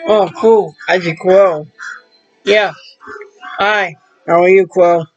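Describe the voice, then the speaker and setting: A man chatting casually to the camera as a vlogger, rambling in halting, loosely strung phrases. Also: high voice, fairly even intonation, lo-fi sound, faint music behind.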